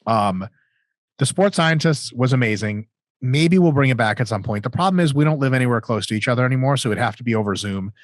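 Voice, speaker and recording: A man's voice: medium pitch, lively intonation, quick pace, dry recording. A man in his thirties co-hosting a casual question-and-answer chat, joking and swearing freely. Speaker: co-host answering viewer questions.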